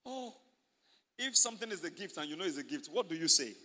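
High-voiced man preaching a sermon, emphatic, keeps asking the church to answer, echoey hall. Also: expressive, rapid-fire, bright, forceful tone. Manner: call-and-response preaching, emphatic, repetitive. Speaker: pastor. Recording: reverberant hall.

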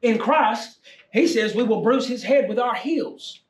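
A man preaching a sermon with passion, swinging from shouts down to near-whispers. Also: very high-pitched, a little slow. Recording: echoey room, distant mic, faint noise.

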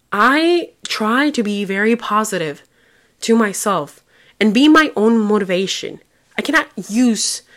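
A woman's voice: a little high, fairly bright tone. A woman therapist hosting a casual solo podcast, chatty and lighthearted with small jokes.

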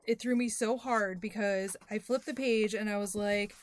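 A woman in her thirties co-hosting a book podcast, telling stories with animated energy and frequent swearing. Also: medium pitch, moderate pace. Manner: animated storytelling, swears freely. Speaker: podcast co-host. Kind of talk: casual book chat.

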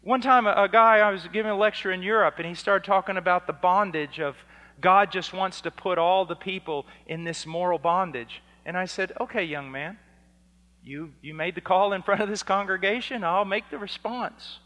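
A man preaching a fiery sermon, dropping to a hush and then rising to shouts as he acts out exchanges. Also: high-pitched, normal speed. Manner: swings from hushed to shouting, acts out dialogues. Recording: long hall reverb.

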